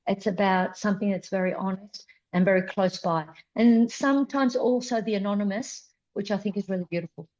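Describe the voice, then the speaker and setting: A woman's voice: mid-range voice, fairly quick, hardly any pauses, a little mellow, highs cut off. A woman in her fifties, a flamenco dancer guest, talking earnestly and repeating words for emphasis in an interview. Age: 50s. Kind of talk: conversational interview.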